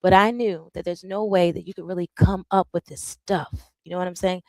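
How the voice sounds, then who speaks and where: A woman hosting a live stream, talking in a rambling, animated way and calling her viewers "bro" and "darling". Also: fairly low pitch, fairly quick, no echo, low-quality recording. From United States. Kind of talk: casual live stream monologue.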